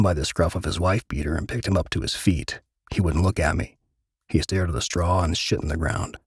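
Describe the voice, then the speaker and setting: Deep husky male storyteller. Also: fairly even intonation, no echo, studio quality. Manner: gritty, measured first-person narration. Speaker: narrator. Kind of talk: dramatic story reading.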